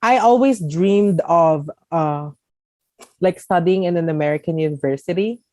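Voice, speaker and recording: A tearful woman from the Philippines shares her story as a podcast guest, halting and full of fillers. Her voice sits mellow and warm, recorded dry and close. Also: fairly low pitch, no echo, poor audio. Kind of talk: emotional personal story.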